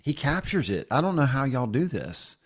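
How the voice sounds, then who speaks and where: A man's voice: mid-range voice, very animated, normal speed, husky. A man who is a pastor and podcast host, chatting casually and telling self-deprecating stories. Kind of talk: casual interview chat.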